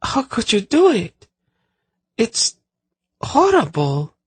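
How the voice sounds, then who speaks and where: A woman's voice: on the high side, huge pitch swings, slow, husky, no room sound, pitched above the performer's own voice, heavily acted. A man reading as a horrified woman with a small, sick voice in an audiobook.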